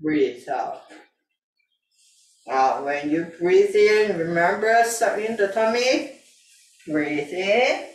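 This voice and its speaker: A woman leads a tai chi class slowly and calmly, repeating breathing cues in simple, non-native grammar. Her voice is medium-pitched and heard from a distance in an echoey room.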